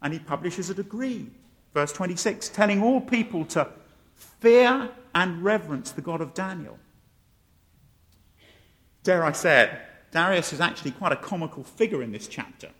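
A man's voice: high voice, expressive, normal speed, a bit bright. A man preaching a sermon and telling the story with animation, acting out the voices he quotes. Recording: long hall reverb.

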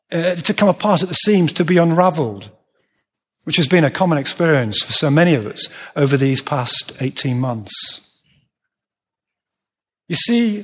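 A man preaching a sermon, emphatic, slowing down and dropping low to stress his words. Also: a bit bright. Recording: long reverb of a large hall.

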